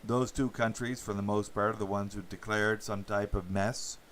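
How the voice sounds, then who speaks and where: Host, male, low voice, meandering livestream commentary with sardonic asides, faint hum behind. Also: steady tone, normal speed, fairly bright tone. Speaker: channel host. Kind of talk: rambling political commentary livestream.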